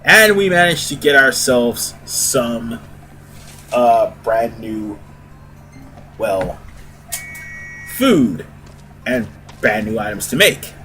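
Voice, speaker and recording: A man's voice: medium pitch, sing-song, drawn-out words, long pauses, bright, forceful tone, faint music behind. A man giving casual, rambling let's-play commentary as host of a gaming video, often correcting himself. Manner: chatty, rambling, self-correcting.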